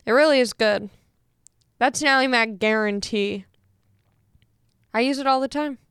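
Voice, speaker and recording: A woman's voice: a little high, normal speed, fairly bright tone, smooth, no echo. Chatty young woman, dry close mic. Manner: chatty, self-mocking, rambling. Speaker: podcast host reading an ad. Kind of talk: casual chat with sponsor read.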